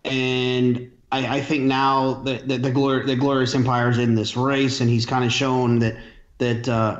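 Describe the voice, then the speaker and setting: Sarcastic racing pundit in an echoey room. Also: male voice, medium pitch, level tone, measured pace, lo-fi sound. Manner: dry sarcastic humor. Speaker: horse racing handicapper. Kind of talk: podcast panel discussion.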